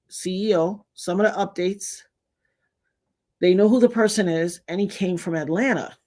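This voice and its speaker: A woman hosting a casual livestream, telling blunt, emphatic stories in slangy talk, her voice swinging widely in pitch and loudness as she laughs her way through. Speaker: livestream host reading viewer comments.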